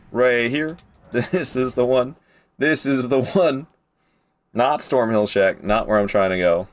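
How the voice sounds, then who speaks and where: Excitable man streaming a game. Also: mid-range voice. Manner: excitable, swears casually, talks to chat. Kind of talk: casual live gameplay commentary.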